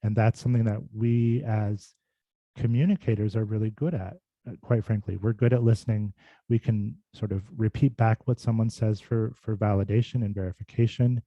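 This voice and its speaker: A man's voice: lowish voice, steady tone, normal speed, dry recording, dull audio. A man who works as a speech and voice clinician, giving a casual, thoughtful talk full of fillers and restarts over a video call. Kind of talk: casual informal presentation.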